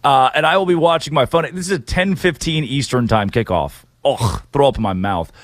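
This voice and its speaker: A man hosting sports talk, brash and opinionated, firing off picks with jokes mixed in. His voice sits mid-pitch for a man and sounds dry and close, with no room around it. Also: brisk, no echo. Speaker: sports radio host.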